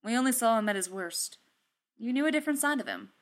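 A woman reading aloud, voicing a brash, sarcastic male inventor who talks quickly, pushily and loudly. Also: a little high, animated, close to an everyday voice. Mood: insistent.

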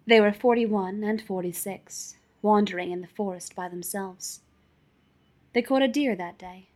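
A woman narrating a fan-written story in a calm, measured reading voice. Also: mid-range voice. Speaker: fanfiction audiobook reader.

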